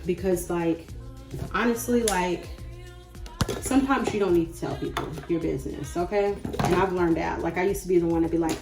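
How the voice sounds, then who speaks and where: A woman's voice: fairly low pitch, moderate pace. Chatty woman vlogger in an echoey room. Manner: chatty, loose and goofy, with sudden loud bursts. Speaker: spiritual vlogger. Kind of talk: casual encouraging talk to camera. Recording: echoey room with faint music.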